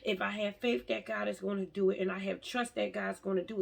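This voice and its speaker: Woman vlogger, heartfelt and halting, gravelly husky voice. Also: mid-range voice, steady tone. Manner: emotional, heartfelt, stammering restarts. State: tearful at times. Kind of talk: personal faith vlog.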